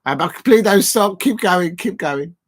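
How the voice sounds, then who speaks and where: A man's voice: high-pitched, lively intonation, a little slow. A man hosting a casual live stream, reading out viewer comments and rambling with lots of fillers and restarts.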